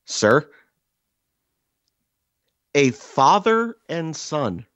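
A man hosting a podcast, telling a crude comic story in an animated, rambling way with many fillers, seated across from his co-host. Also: a little high, very slow, dry recording. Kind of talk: casual comedic storytelling.

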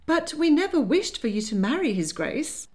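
A woman voicing a fluttery, anxious aristocratic mother who pleads in a high, plaintive voice. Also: very animated, moderate pace. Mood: fretful.

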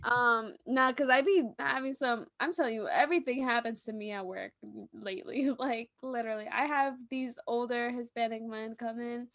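A young woman co-hosting a podcast, chatting casually and telling animated stories with laughter. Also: a little high, moderate pace, dry recording. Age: young adult. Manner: animated storytelling, acts out voices, laughs often. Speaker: podcast co-host. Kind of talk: casual chat.

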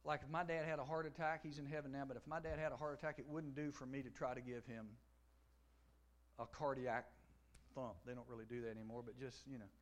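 A middle-aged man preaching a sermon to a youth audience, telling the story with animation and acting out dialogue, swinging from loud to hushed. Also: medium pitch, steady tone, fast talker. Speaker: pastor. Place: large room before a youth audience.

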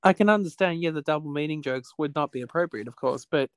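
Man, fairly high smooth voice, rambling casual chat, lots of "basically", dry close sound. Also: quick pace, no echo. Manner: rambling, repeats "basically", restarts often. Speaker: podcast guest. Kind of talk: casual conversation. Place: home with cats.

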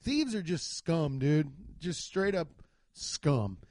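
A man's voice: on the high side, sing-song, slow pace, a little mellow, dry recording, studio quality. Profane, rambling young man telling stories. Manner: profane, rambling, laid-back. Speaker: storyteller. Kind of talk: casual comedic storytelling.

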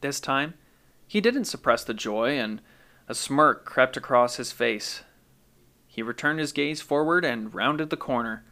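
A man reads a scripted short story for his own podcast. His delivery is calm and measured, at a middling pitch. He sounds like a host settling listeners into a tale.

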